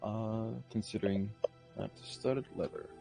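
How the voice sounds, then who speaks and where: A man runs a tabletop game, narrating in a relaxed, halting way full of fillers. His voice is fairly low, and soft music plays in the background. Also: creaky. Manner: casual, hesitant with fillers. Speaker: game master.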